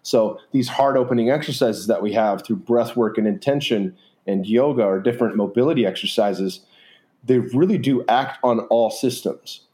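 A man's voice: mid-range voice, moderate pace, warm tone. A man talking in a casual, earnest way as a podcast guest, rambling with many fillers. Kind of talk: casual reflective conversation.

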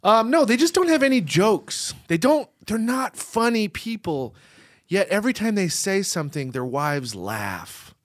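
A man's voice: sits high, sing-song, measured pace, no echo, studio quality. A man co-hosting a podcast, riffing in a sarcastic, jokey way in casual conversation. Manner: sarcastic, riffing with absurd jokes. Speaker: podcast co-host. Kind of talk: casual comedic chat.

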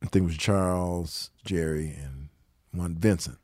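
Deep-voiced older man telling stories. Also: measured pace, no room sound, studio quality. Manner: animated storyteller, quotes people, laughs often. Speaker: musician telling stories as a guest. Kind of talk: casual storytelling interview.

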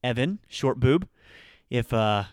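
A man hosting a short language-lesson podcast, energetic and chatty, with fillers as he explains. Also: mid-range voice, takes it slowly, smooth, dry recording, studio quality. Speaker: podcast host and Japanese teacher.

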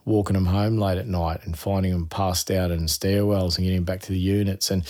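A man with an Australian accent, a youth worker telling animated, slangy anecdotes in a casual interview. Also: sits low, a little fast.

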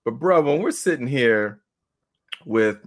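A man hosting a sports talk show, measured and rising when excited. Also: mid-range voice. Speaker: host.

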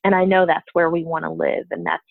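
A middle-aged woman speaks earnestly and from the heart about her faith, in a low voice with a gravelly edge. Her voice comes through a thin, phone-like line with no room sound. She talks at length as a guest. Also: little pitch movement, a little fast, no room sound. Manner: earnest and heartfelt, sharing testimony. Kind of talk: faith-based conversation. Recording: tinny phone-like line, dry.

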